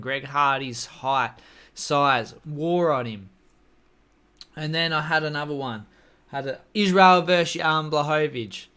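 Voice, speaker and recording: A man's voice: medium pitch, pushed and bright, smooth. A man talking casually to camera, giving opinionated, rambling takes on fights and swearing freely. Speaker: MMA commentary YouTuber.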